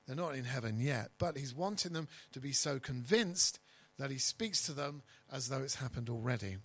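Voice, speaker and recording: A man preaching a sermon as pastor, stressing key words loudly and dropping to quiet asides. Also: mid-range voice, lively intonation, moderate pace, breathy edge, low-quality recording. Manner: emphatic, swinging between loud stresses and quiet asides.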